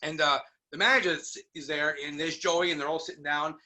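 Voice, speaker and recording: A middle-aged man from New York telling stories in a casual interview, animated and acting out the voices of people he quotes. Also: a little high, fairly quick. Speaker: guest musician.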